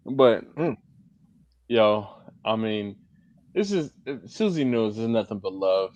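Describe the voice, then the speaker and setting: A man hosting a casual barbecue livestream, animated and laughing often, reading comments aloud and breaking into high put-on voices. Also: slow, no room sound, dull audio. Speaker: livestream host. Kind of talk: casual live-stream chat.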